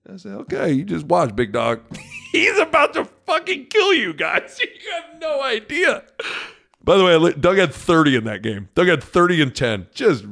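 A man talking on his own podcast, his pitch swinging up and down as he tells a story. He chats casually and keeps repeating words to hammer a point home. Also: fairly bright tone. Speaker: podcast host. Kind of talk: casual solo podcast talk.

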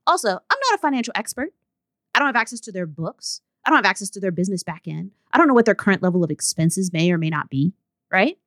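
A woman's voice: mid-range voice, no echo. Candid woman coach, blunt solo podcast host, dry recording. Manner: blunt, candid, with laughing asides.

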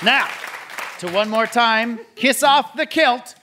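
A man hosting a live comedy quiz on a theatre stage, jokey and quick with asides. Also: extremely high pitch, bright, forceful tone, some chatter behind. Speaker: quiz host. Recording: live theatre audience, light noise. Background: audience laughing and clapping.

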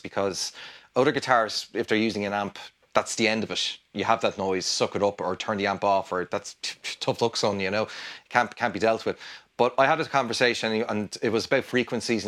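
A man with an Irish accent, talking as a guest guitarist in a casual interview, rambling and animated with many restarts. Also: lowish voice, fast. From Ireland.

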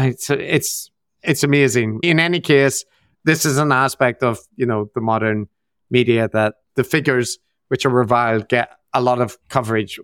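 A man co-hosting a podcast, giving casual, animated commentary on media clips with frequent restarts. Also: mid-range voice, clear, resonant tone, dry recording, studio quality. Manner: animated, exasperated critique with restarts. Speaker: podcast co-host.

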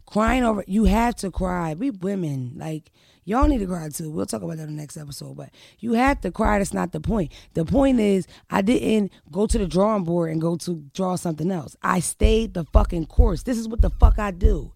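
A woman's voice: medium pitch, expressive, moderate pace, vocal fry, darkish tone, no room sound, clean studio sound. A woman hosting a podcast, telling a story in a brash, profane, emphatic way and sprinkling in curse words. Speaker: podcast host. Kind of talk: casual storytelling chat.

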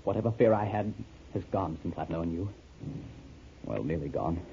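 A man's voice: low voice, lively intonation, moderate pace, gravelly, mellow. An actor playing a superstitious man haunted by guilt, nervous and overwrought, in a 1930s radio drama. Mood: pleading. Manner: nervous, overwrought, prone to panic. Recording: dull 1930s radio recording with faint hiss.

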